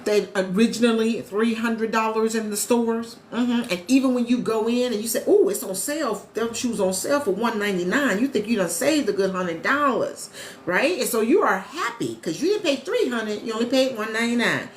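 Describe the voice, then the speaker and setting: A woman's voice: on the high side, normal speed. Chatty woman on a live stream. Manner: animated, chatty, talks straight to viewers. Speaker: travel agent host of a live stream. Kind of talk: casual live-stream chat. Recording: echoey room with faint ambient noise.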